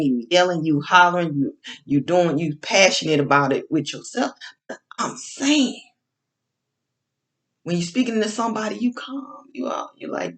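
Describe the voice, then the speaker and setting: A woman preaches in a loose, unscripted monologue, circling back to the same phrases and building emphasis as she goes. Her pitch swings widely as she talks. She takes her time, speaking slowly and drawing words out. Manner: informal slang, frequent restarts. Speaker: online speaker on faith and love. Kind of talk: casual spoken sermon-style monologue.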